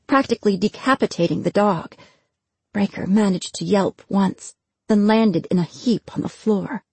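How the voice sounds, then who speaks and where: A woman narrating a fantasy audiobook in a measured, steady way. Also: medium pitch, husky, dry recording.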